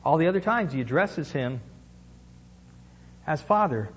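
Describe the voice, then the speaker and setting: A man's voice: fairly high pitch, animated, measured pace, a bit bright, slight background noise. A male pastor preaching a sermon in a conversational way, asking the congregation questions and building to emphatic peaks. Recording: dull lo-fi sound with long church reverb.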